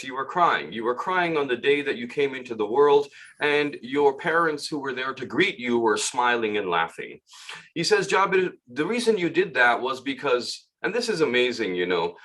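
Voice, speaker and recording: A man giving a religious lecture at a memorial gathering, his voice sitting at an ordinary middle pitch. He tells a narration like a story and lifts his voice to act out the dialogue. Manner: storytelling, gently acts out dialogue with rising emphasis.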